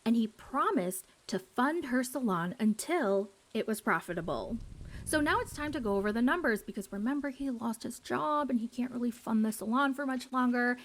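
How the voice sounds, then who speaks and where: A woman's voice: on the high side, lively intonation, normal speed. A woman giving a sarcastic, gossipy recap of a TV show for a YouTube video.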